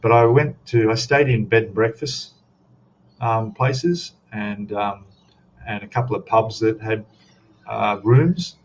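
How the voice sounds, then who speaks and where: A relaxed Australian man chats his way through a hobby live stream, drifting between stories and viewers' messages. His voice sits a little low, and the stream audio is dull and lo-fi with a faint hiss underneath. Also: takes it slowly. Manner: rambling, easygoing, reads chat aloud. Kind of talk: casual live stream chat.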